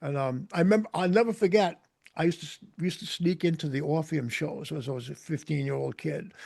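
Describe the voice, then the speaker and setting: An older man, a guest musician telling stories in casual, animated chat with frequent laughs. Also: a little high, creaky. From Boston area. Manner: animated, laughing, acts out quotes.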